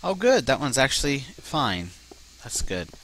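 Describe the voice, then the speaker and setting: A man's voice: medium pitch, big pitch swings, unhurried, fairly bright tone, a little hiss or hum. A man commenting casually on his own gameplay as a let's play host, swearing often when things go wrong. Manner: swears a lot, frustrated outbursts.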